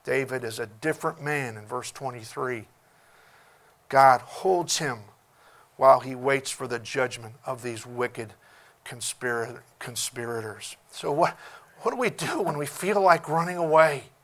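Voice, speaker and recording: A male pastor preaching a sermon in an emphatic, deliberate way, often repeating words as he searches for them. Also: medium pitch, a bit bright.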